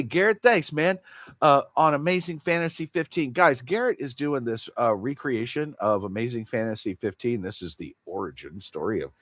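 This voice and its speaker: A man's voice: on the low side, fairly bright tone, no echo. A man hosting a casual livestream chat, rambling in an earnest and confessional way. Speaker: livestream host.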